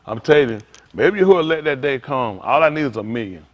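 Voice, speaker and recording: A man preaching informally to a congregation, animated and conversational, acting out little dialogues as he goes. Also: mid-range voice, fairly quick. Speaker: pastor.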